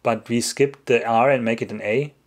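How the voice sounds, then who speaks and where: A man speaks English as he hosts a casual livestream and answers questions from chat. He rambles, breaks off his own sentences and laughs often, at a middling pitch for a man. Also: fairly even intonation, normal speed.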